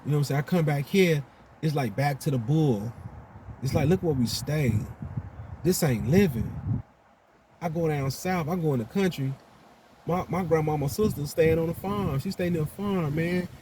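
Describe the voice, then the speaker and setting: A man's voice: on the high side, moderate pace, background noise. A man from Chicago talking casually to his viewers, laid back and slangy, often asking "you know what I'm saying". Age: older adult. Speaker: vlogger. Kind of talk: casual monologue to camera.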